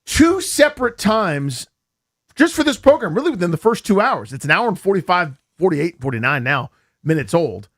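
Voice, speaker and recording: An American man with a high voice, speaking at normal speed, hosts a sports radio show on a studio microphone. In casual studio chat he's an animated, jokey, rambling storyteller.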